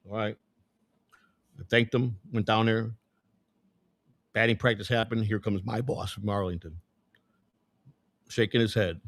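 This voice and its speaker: A man's voice: lowish voice, fairly even intonation, measured pace, pauses often, no room sound. A man hosting his own show, telling a long personal story in a loose, rambling way, swearing often and restarting his sentences. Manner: rambling, profane, repeats words and restarts. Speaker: show host. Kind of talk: casual storytelling.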